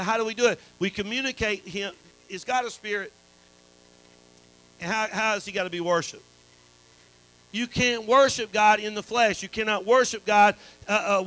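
Man preaching, high-pitched, bright tone, call and response, faint electrical hum. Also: low-quality recording. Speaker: pastor. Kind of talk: sermon.

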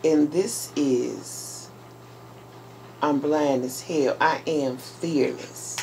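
A woman vlogger chatting casually while unboxing a package, talking excitedly to her viewers. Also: sits low, very slow, vocal fry, background noise. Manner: chatty and exclamatory, addressing viewers as y'all. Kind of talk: casual unboxing vlog chat.

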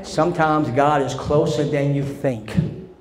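Impassioned preacher in a reverberant church. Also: male voice, on the high side, steady tone, a little slow, a crowd in the background. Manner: impassioned preaching that swings from loud declarations to quiet storytelling. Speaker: pastor. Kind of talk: sermon. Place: church sanctuary. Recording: long church reverb with faint background noise.

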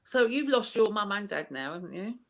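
A woman's voice: medium pitch, big pitch swings, brisk. A woman hosting a casual chat, teasing and reassuring her guest. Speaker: host.

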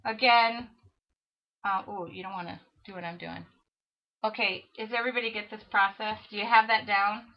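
A woman's voice: medium pitch, steady tone, normal speed. A middle-aged woman leading a live craft tutorial, chatty and self-mocking as she talks herself through the work. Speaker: craft demonstrator. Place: craft studio. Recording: dull lo-fi livestream audio with faint hiss.

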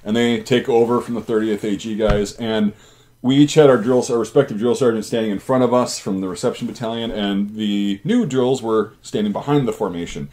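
A man's voice: lowish voice, fairly quick, a little mellow. A man hosting his channel, casually telling army stories in a rambling, profane way. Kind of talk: casual storytelling.

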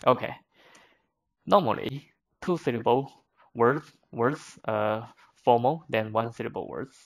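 A man teaches vocabulary in a slow, unhurried delivery. He is a native Chinese speaker, explaining each point patiently and step by step, with frequent fillers. His voice sits at a middle pitch.

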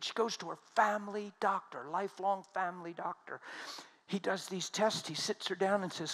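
A man preaching a sermon, telling stories emphatically and swinging between loud and hushed speech. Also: high-pitched, steady tone, normal speed.

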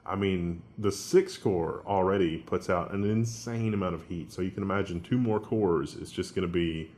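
A low-pitched man co-hosting a casual tech news show. He explains the hardware details knowledgeably, laying out the technical points for viewers. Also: moderate pace, darkish tone.

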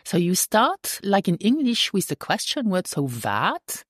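A woman teaching a language lesson in a patient, deliberate way, often checking in with the listener. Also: mid-range voice, wildly swooping pitch, slightly rough, no echo, clean studio sound. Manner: patient, slow and deliberate, checks in with "hmm?" and "okay?".

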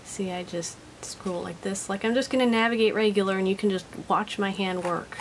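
A woman's voice: mid-range voice, fairly even intonation, fairly quick, slight background noise, poor audio. A woman casually reviewing a product at her home desk, chatty, giggly and self-deprecating.

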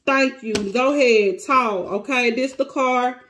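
A woman's voice: high-pitched, a little slow, a bit bright. A woman with giving a casual, emotional tarot reading to her viewers, close to tears. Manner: emotional, dramatic, talks to cards and viewers. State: near tears. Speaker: tarot reader.

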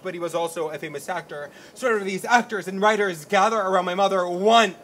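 A man's voice: sits high, a bit bright, slight background noise. A man playing a brooding young playwright. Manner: brooding, bitter, intense. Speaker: stage actor. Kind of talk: outdoor stage play performance. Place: outdoor stage at an arboretum.

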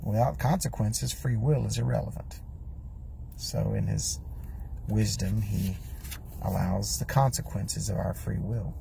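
A man's voice: lowish voice, fairly even intonation, unhurried, creaky, mellow, a little hiss or hum. A man preaching an earnest sermon from his parked truck, reading scripture aloud and repeating questions for emphasis. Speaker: pastor.

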